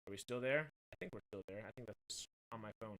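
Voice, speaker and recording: A man's voice: on the low side, quick pace, sharp tone. A man, chatting casually on a home livestream in a rambling, self-correcting way while he fixes mic problems on a desktop mic. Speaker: streamer. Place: home streaming room. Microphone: desktop USB mic with pop filter.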